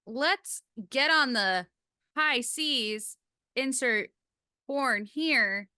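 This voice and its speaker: A woman's voice: high voice, very slow, sharp tone, smooth, dry recording, clean studio sound. A woman co-hosting a podcast in casual, playful chat who laughs often. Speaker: podcast co-host.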